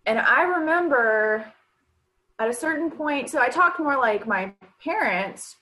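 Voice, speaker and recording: A woman's voice: sits high, animated, measured pace, sharp tone, poor audio. Easygoing woman telling a story. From Arkansas and Mississippi. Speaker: co-host. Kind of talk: casual podcast chat.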